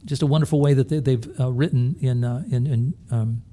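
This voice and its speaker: Mellow-voiced man preaching a sermon. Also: mid-range voice, steady tone, brisk. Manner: earnest, with rhetorical questions to the congregation; restarts and repeats words while thinking aloud. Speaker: pastor.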